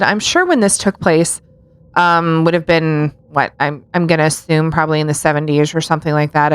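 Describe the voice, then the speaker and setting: A woman co-hosts a casual podcast, recounting true-crime stories with sarcastic asides and frequent giggles. Her voice is lowish, and the recording has no echo.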